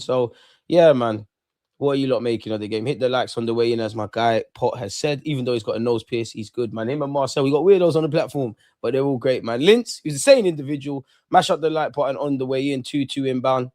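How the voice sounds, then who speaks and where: A young man, hosting a live football watch-along. He chats casually and excitedly in slang, speaking straight to his viewers. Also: medium pitch, fairly quick. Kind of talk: casual live-stream chat and commentary.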